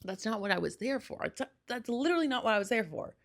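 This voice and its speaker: A young woman hosting a solo podcast, chatting casually and gushing, rambling with lots of "like" and quick self-corrections. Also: a little high, expressive, gravelly. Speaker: podcast host.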